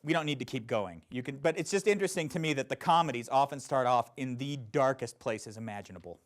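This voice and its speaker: A man teaching a Shakespeare acting class, explaining verse in an animated way with playful asides. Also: medium pitch, fast. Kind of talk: classroom instruction.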